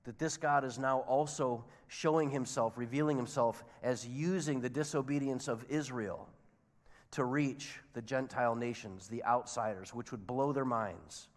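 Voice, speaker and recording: A man's voice: mid-range voice, normal speed. A man preaching a sermon, telling the story expressively and acting out the characters' lines. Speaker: pastor. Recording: long hall reverb.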